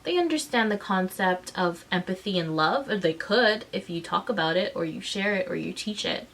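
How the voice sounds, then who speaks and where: A woman vlogging as a mother, frustrated and indignant, her voice shaken and close to tears, speaking in halting bursts with many restarts. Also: mid-range voice, expressive, a bit bright. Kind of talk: emotional personal vlog recounting.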